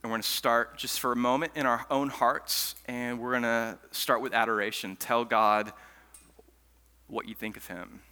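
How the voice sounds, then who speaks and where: A male pastor delivers a sermon in a bright, forceful voice. He tells stories animatedly, swinging from loud, eager bursts down to hushed asides, and his words ring out with a long reverb from a large church hall. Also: mid-range voice, fairly even intonation, normal speed, smooth.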